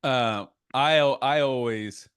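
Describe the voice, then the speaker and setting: A man's voice: mid-range voice, takes it slowly, clean tone, no echo. Heated podcast man with a dry, close sound. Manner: animated, heated, trails into quoted asides. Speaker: podcast co-host. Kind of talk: casual chat.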